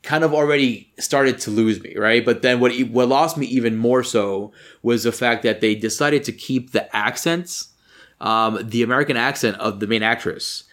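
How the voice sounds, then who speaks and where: A man co-hosting a podcast, chatting casually about a film, rambling and swearing and getting animated when something annoys him. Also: mid-range voice, moderate pace. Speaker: podcast co-host. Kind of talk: casual movie review chat.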